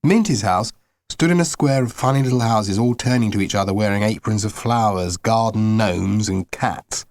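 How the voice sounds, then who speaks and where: A man narrating an audiobook in the first person, in a low, subdued storytelling manner. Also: normal speed, a little mellow, no room sound.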